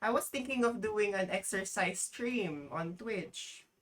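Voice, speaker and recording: A woman's voice: mid-range voice, lively intonation, measured pace. A woman streamer chatting casually on a live stream, rambling and exclaiming as she talks.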